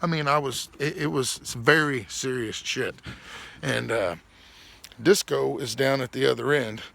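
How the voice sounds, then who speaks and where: A man's voice: mid-range voice, measured pace, gravelly, a bit bright. A man hosting his own podcast, telling a rambling, profane story and laughing through it. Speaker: podcast host. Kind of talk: casual storytelling monologue.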